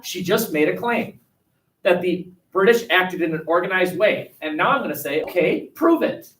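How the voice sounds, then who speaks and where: A man teaching a history class, leading a discussion with students and telling jokes with lively voices. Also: high-pitched, moderate pace, far from the mic, rough recording. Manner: animated, acts out a joke with big voices.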